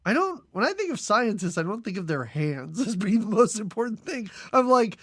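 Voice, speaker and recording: A man's voice: high voice, sing-song, moderate pace, no room sound, studio quality. A man co-hosting a casual movie podcast, recapping scenes with sarcasm and frequent laughs. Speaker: podcast co-host.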